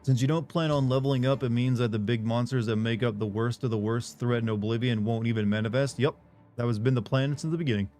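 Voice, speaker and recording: A man's voice: mid-range voice, steady tone, fast, a little mellow, faint music behind. A man streaming a video game, chatting casually with viewers in a rambling, filler-heavy way with frequent swearing. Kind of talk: casual live stream chat.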